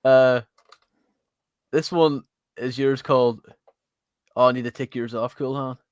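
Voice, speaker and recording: A man co-hosting a casual chat, talking in a relaxed way. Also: medium pitch, a little slow, clear, resonant tone, no echo, clean studio sound. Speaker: co-host.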